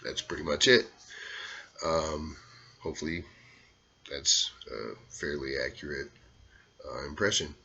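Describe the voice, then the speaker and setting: Very deep-voiced Southern man, rambling. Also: measured pace, creaky, pauses often, sharp tone, husky. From Arkansas, US South. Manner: rambling, self-deprecating, lots of fillers. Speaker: vlogger doing impressions. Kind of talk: casual monologue to camera.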